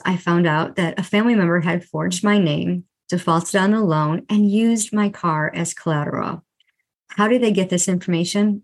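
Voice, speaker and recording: Woman, podcast host, personal storytelling, lower voice, emphatic quoted dialogue. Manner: lively retelling with quoted dialogue.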